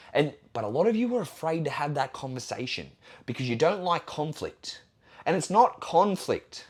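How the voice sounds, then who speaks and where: A man's voice: on the high side, sing-song, moderate pace, slightly rough. A young Australian man hosting a solo podcast as a fitness trainer, talking bluntly and assertively with plenty of swearing.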